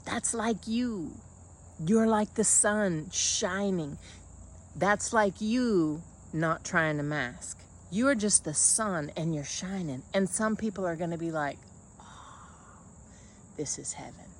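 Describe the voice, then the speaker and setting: A woman's voice: mid-range voice, takes it slowly, a little hiss or hum. A woman coaching in a casual motivational monologue, blunt and folksy, calling the listener honey.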